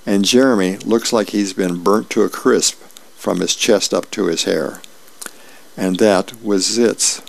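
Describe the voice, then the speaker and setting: Man reading the paper aloud, gravelly and low, friendly volunteer reader. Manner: friendly, unhurried reading with small asides. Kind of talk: reading newspaper comics and birthdays aloud.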